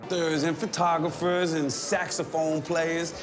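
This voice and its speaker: A man playing a vampire narrating his memories of a bohemian art world in a measured, scripted drama voice, pitched a little high. A busy crowd murmurs clearly behind him. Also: flat delivery, lightly acted. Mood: reflective.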